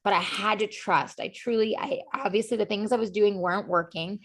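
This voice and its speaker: A woman's voice: medium pitch, fairly quick. A woman guest on a podcast, telling her personal story earnestly and openly, with lots of "like" and "you know" fillers. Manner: earnest and emotionally open. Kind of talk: candid personal storytelling in conversation.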